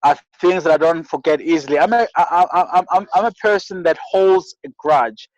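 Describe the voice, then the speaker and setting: Speaking a little fast in a slightly high, slightly mellow voice, a South African man from rural KwaZulu-Natal tells reflective stories as an interview guest. He is earnest, with many restarts and repeated words; there's no room sound and the audio is dull.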